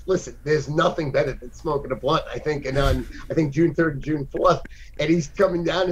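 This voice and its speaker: A man in his sixties talking as a guest over a phone call, boisterous and profane, with sudden loud outbursts. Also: on the high side, a little hiss or hum. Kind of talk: casual podcast chat.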